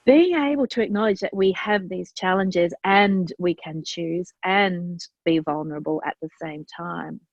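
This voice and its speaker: Female interviewer, gently encouraging, recorded dry with a slightly dull tone. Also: lowish voice, unhurried, few pauses, no echo. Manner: encouraging, attentive questioning. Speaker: podcast host.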